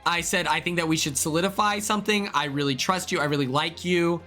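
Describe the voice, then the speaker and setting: A young man from Oklahoma talks through his stream in a loose, rambling way, full of ums and likes, now and then jumping up in excitement. His voice sits a little high and sounds bright and sharp. Soft music plays underneath. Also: fairly quick. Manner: rambling, filler-heavy, with sudden excited outbursts. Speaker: streamer, former reality show contestant. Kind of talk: casual livestream chat.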